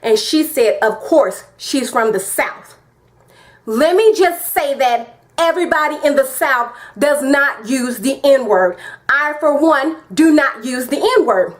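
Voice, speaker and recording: Emphatic high-voiced woman vlogger. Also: lively intonation, a little slow. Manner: emphatic, direct. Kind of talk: opinion vlog.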